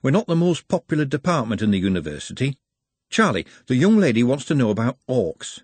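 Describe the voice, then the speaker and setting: Brief: haughty tired wizard-scholar, husky and lively, male narrator. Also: mid-range voice, a little fast, no room sound. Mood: weary. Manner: haughty, weary. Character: lofty weary male necromancer academic.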